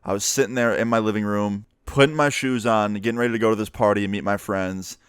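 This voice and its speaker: A young man from the New York area tells a personal story in a chatty, profane, animated way. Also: fairly low pitch, fast, smooth, no room sound, studio quality. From New York area, USA. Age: young adult. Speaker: vlogger. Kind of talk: casual storytime monologue.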